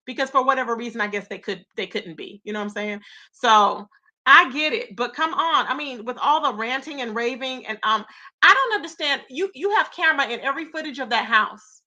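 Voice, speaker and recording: A woman's voice: high voice, animated, fairly quick, bright, forceful tone. A woman hosting a live gossip commentary stream, reacting with incredulous rhetorical questions and greeting her chat. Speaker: commentary channel host.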